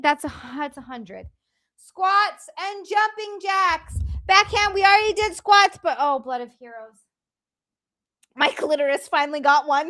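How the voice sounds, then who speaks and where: A high-voiced woman hosts a loose, playful livestream from home, chatting with viewers and walking them through stretches. She jokes, swears freely, and sounds a little winded from exercising. The sound is dry and close on a headset mic. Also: expressive, moderate pace, fairly bright tone, no echo. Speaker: livestream host. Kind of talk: casual livestream chat with exercise demo.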